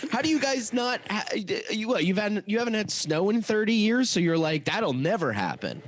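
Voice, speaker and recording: A man's voice: high voice, fairly quick, dry recording. A man guesting on a comedy podcast, wry and self-deprecating with frequent laughs. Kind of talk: casual comedic banter.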